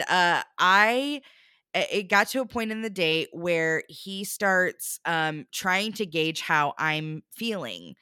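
A woman's voice: lowish voice, pushed and bright, clear, resonant tone, no room sound, clean studio sound. A young adult woman animatedly recounting a bad date in casual chat, acting out the quotes with lots of fillers.

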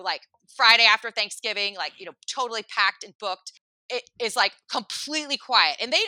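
A woman casually telling a comic story in an animated, rambling way, full of "like" and acted-out quotes. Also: medium pitch, dry recording.

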